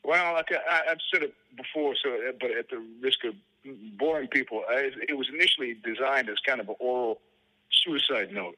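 Middle-aged male guest, very bright and hard-edged tone, rambling and profane storyteller. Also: lowish voice, poor audio. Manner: profane, rambling anecdotes, acts out quoted dialogue. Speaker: guest musician. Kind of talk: storytelling interview answers.

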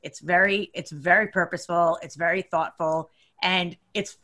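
A young woman in casual chat, animated and quick to laugh as she recalls stories. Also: on the low side.

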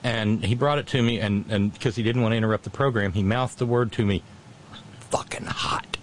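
A man's voice: lowish voice, steady tone. A chatty male radio host who stumbles through his sentences, restarting and repeating words as he tells a story. His tone is wry and self-deprecating. A faint hiss sits under his voice. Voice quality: halting, stammering restarts. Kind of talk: casual on-air chat.

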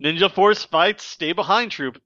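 Man, raised pitch, podcast host, dry, lo-fi. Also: measured pace, sharp tone, no room sound. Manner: laughs often, leads the discussion. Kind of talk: casual chat.

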